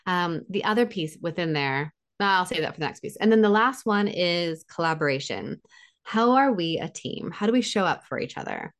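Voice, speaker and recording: A woman giving relationship advice in a conversational interview, animated and acting out what partners say, with frequent laughs. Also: fairly low pitch, normal speed. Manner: animated, acts out quoted partners, laughs often. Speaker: relationship expert guest.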